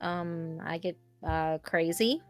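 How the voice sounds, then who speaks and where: A woman who narrates stories, chatting on a panel in a bubbly, animated way, laughing easily and using lots of fillers. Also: fairly low pitch, takes it slowly, soft background music. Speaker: story narrator guest. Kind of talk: casual panel chat.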